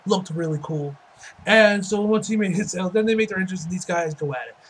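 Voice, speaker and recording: A man with a high-pitched voice rambles through a casual review, swearing freely and leaning on "like" at every turn. His delivery is excitable and loose, and a faint hiss of noise sits behind him. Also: fairly quick. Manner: excitable, profane, heavy use of "like". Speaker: wrestling reviewer.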